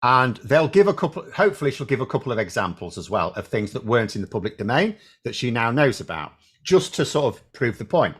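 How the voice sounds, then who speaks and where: Man, political commentary host, lively pitch, thinks aloud, casual. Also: fairly quick, slightly rough. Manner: animated, thinking aloud with restarts.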